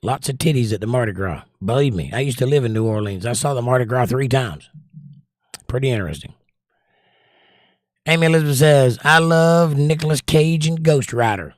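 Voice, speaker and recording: This is a chatty Southern American man running a livestream, where he reads viewers' comments aloud and gives decisive, opinionated movie recommendations. His medium-pitched voice has lively intonation and a moderate pace, recorded dry with clean studio quality.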